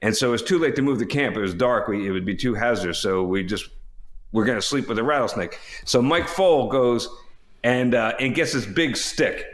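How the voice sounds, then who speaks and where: A man's voice: medium pitch, fairly quick. A man in his fifties co-hosting a podcast, telling rambling, self-correcting anecdotes in a casual chat with chuckles along the way. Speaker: podcast co-host.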